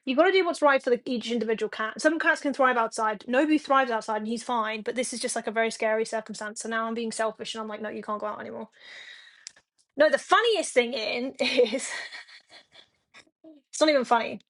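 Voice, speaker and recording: High-voiced woman rambling frankly. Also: brisk. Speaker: streamer. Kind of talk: casual chat to a live stream audience.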